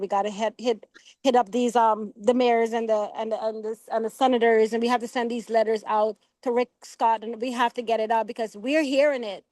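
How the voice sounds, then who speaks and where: A woman on a video call speaks earnestly, stumbling through fillers and restarts as she makes her point. Her voice is fairly high, and the sound is dry and close. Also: darkish tone, no room sound, rough recording. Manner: halting, many fillers and restarts. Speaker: panelist. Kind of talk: casual chat on a video call.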